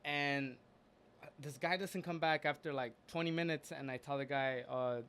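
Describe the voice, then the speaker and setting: Telling a story about something he lived through, this man has a fairly high, fairly bright voice and slight background noise behind him. He's earnest and candid but halting, frequently restarting his sentences and leaning on fillers.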